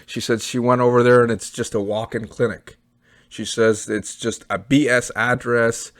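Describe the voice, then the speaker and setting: A man's voice: mid-range voice, flat delivery, moderate pace, a bit bright, no echo, studio quality. A Canadian man giving a casual, blunt screen-share review as an online business reviewer, chatty and often tagging "okay" and "right?".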